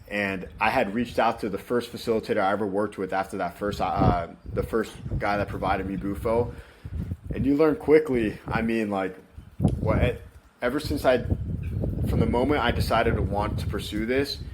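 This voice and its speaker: Frank, rambling man with a low voice. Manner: frank, rambling, swears freely. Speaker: guest. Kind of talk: candid interview storytelling.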